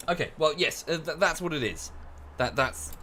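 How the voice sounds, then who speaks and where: A man's voice: fairly high pitch, normal speed, a bit bright, slight background noise. Rambling English man streaming a game. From England. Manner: rambling, self-correcting, chatty with chat. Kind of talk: casual livestream chat over gameplay.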